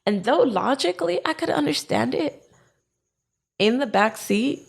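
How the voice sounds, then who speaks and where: A young adult woman co-hosting a podcast tells a personal story in casual chat, animatedly acting out what she and others said. Her high voice is gravelly and husky, and she speaks a little slowly.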